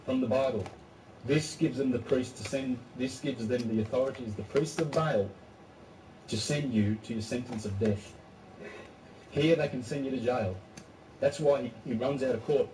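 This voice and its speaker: A man's voice: mid-range voice, moderate pace, background noise. A man giving an emphatic, informal lecture, acting out quotes and often restarting his sentences. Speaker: speaker on court law. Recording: distant mic, echoey room, faint ambience.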